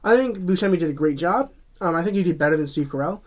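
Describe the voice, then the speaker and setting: A man's voice: on the high side, expressive, fast. A man giving a casual spoken movie review, chatty and full of fillers and restarts.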